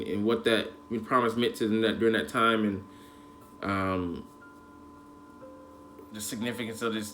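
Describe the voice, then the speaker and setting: A man's voice: on the low side, a little hiss or hum. A man giving a casual, emotional anime episode review, rambling in heavy slang with lots of fillers. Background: faint background music.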